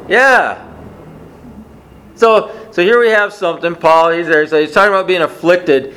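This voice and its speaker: A man's voice: high voice, moderate pace, long pauses, pushed and bright, slight background noise. A man preaching a conversational sermon, often asking the congregation questions. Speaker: pastor.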